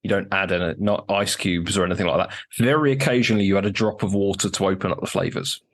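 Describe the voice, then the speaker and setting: A man's voice: low-pitched, steady tone, fast talker. A man from the UK, a podcast guest, telling stories and giving opinions in a laid-back casual chat. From United Kingdom.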